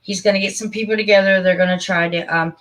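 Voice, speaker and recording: A woman's voice: mid-range voice, fairly even intonation, fast, a bit bright. A middle-aged woman hosting a casual live stream, talking in a heartfelt, rambling and emphatic way. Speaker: channel host.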